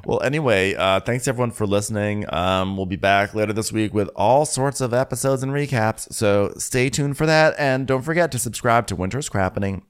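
A man co-hosting a podcast, chatting casually and mimicking cast members in high voices. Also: moderate pace, hardly any pauses, clean tone. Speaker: podcast co-host. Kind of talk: casual recap chat.

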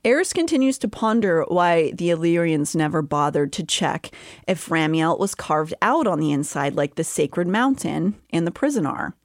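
A woman with a fairly low voice recaps a fantasy novel for a podcast, chatty and casual. She breaks into quick jokey voices for the characters now and then. The sound is dry and close. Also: lively intonation, no echo. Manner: summarizes plot, slips into quick silly voices for characters. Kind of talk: casual book recap chat.

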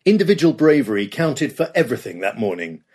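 A man's voice: mid-range voice, big pitch swings, fairly quick, darkish tone, slightly rough. A man narrating a scripted history podcast with dramatic storytelling.

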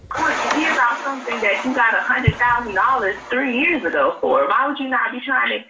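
A woman calling in to a show, calm and persistent, pressing the host with pointed questions. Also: fairly high pitch, a little fast, muffled recording, noisy background. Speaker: caller.

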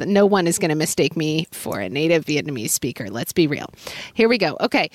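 A woman's voice: low voice, very animated, normal speed, dry recording. A woman co-hosting a podcast, joking playfully in casual chat. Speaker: podcast co-host.

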